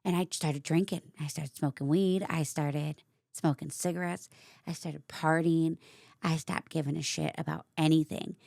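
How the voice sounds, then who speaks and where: A woman hosting her own vlog, candidly telling a personal story in a casual, animated way. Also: low-pitched, moderate pace, gravelly, no room sound, studio quality. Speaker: vlogger host.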